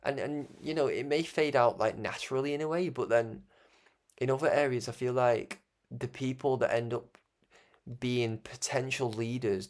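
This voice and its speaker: Speaking at a medium pitch, this Scouse broadcast host thinks aloud on his own show. His monologue wanders and turns reflective, keeps starting over, and is punctuated by laughter.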